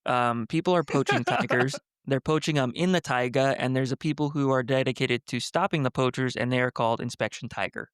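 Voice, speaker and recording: A man in his thirties co-hosts a casual book podcast, teasing his friends. His voice is smooth and clear, and the recording is dry and close. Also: medium pitch, brisk, hardly any pauses, no room sound. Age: 30s. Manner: wry, teasing. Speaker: podcast co-host. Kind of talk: casual book-club chat.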